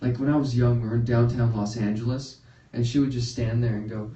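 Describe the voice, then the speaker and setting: A man's voice: fairly even intonation, a little fast, hardly any pauses, warm tone, dull audio. Young male comic, roomy far-off sound. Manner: laughs at his own jokes, jumps into high yelps when acting out his reactions. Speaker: stand-up comedian. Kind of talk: stand-up set. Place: comedy studio stage. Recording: roomy, picked up from a distance.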